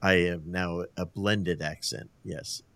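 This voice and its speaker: A man's voice: low-pitched, slow, gravelly. An older man in his sixties from New Jersey, a basketball coach telling stories as a guest in a casual interview, acting out quotes and laughing often. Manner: animated storyteller who acts out quotes, laughs often.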